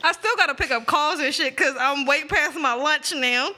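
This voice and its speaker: A woman, a podcast co-host telling a story in casual chat, profane and animated, laughing often. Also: high-pitched, moderate pace.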